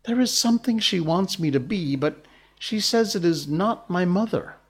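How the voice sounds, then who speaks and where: A man's voice: sits high, expressive, normal speed, husky, voice pushed up, exaggerated voice. A man reading aloud, raising his voice to play an earnest, puzzled young boy. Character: boy Peter, puzzled and boyish.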